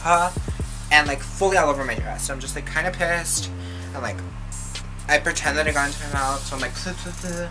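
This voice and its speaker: Low-voiced young woman telling a story. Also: a little fast, poor audio. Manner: chatty, filler-heavy, profane. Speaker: vlogger. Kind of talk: casual storytime. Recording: music playing behind the voice.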